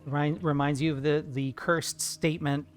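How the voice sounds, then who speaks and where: A man's voice: fairly high pitch, little pitch movement, moderate pace, faint music behind. Playful man chatting on an art stream. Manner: playful, jokey, chatty with viewers. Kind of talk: casual live-stream chat while painting.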